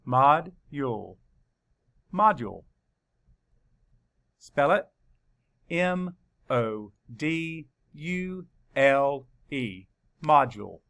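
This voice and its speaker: A man leads a children's spelling lesson at an unhurried pace, sounding out each letter carefully. His voice is bright and forward, with a measured, patient delivery. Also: medium pitch, creaky. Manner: slow, deliberate letter-by-letter dictation. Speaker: teacher.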